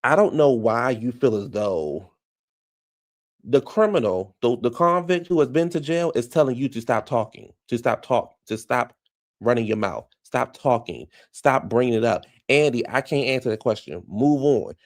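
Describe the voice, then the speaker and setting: A man's voice: mid-range voice, expressive, moderate pace. A man giving casual commentary, recapping reality TV in a chatty, incredulous way with lots of rhetorical questions.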